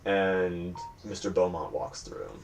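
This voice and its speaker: A very low-voiced man runs a tabletop horror game, describing the scene in loose, rambling narration. He sits some way from the mic, and a faint hiss runs underneath. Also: takes it slowly, gravelly, recorded from a distance, muffled recording. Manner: relaxed, rambling storytelling. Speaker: game master.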